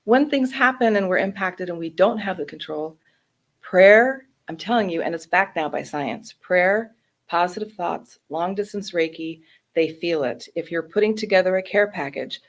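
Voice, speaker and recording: A woman and Reiki practitioner talking in a casual interview, energetic and animated, acting out quotes as she tells her stories. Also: lowish voice, moderate pace. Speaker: Reiki practitioner, wellness center guest.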